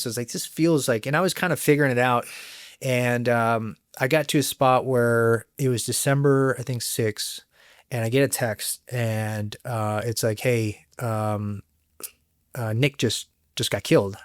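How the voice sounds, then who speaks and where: A middle-aged man telling his life story candidly in an interview, animated, swearing freely and acting out what others said. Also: mid-range voice, normal speed, no echo, studio quality. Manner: animated, swears freely, acts out quoted voices. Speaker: guest.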